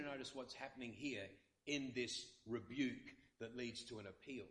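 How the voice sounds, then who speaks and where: In a reverberant space, a man who may be a pastor preaches earnestly, repeating phrases often and using dramatic quotes. He speaks at normal speed in a mid-range, fairly bright voice.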